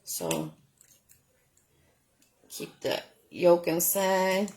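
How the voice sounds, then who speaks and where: A woman's voice: on the low side, very slow, darkish tone, poor audio. A woman hosting a home cooking show, chatting in a rambling way with lots of ums while she cooks. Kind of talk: casual chat while cooking. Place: home kitchen.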